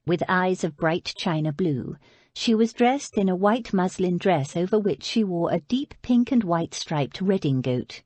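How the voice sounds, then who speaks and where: A woman narrating an audiobook with expressive storytelling. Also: fairly low pitch, no room sound. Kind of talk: scripted narration.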